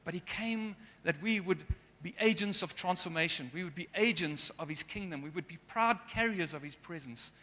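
Guy giving a sermon, bit high and bright voice, earnest, long echo in a big hall. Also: moderate pace, few pauses. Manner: earnest, gets emotional at times. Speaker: preacher.

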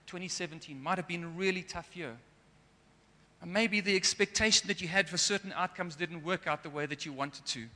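A man preaches a sermon earnestly, at times becoming emotional. His voice sits high and sounds pushed and bright, moving fairly quickly, with a long hall reverb on the recording.

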